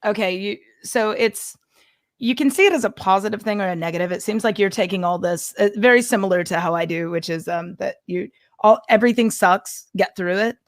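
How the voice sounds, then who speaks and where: A woman's voice: medium pitch, fairly quick, no room sound, clean studio sound. A woman hosting a podcast, asking questions hesitantly with many ums. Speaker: podcast host. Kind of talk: casual interview chat.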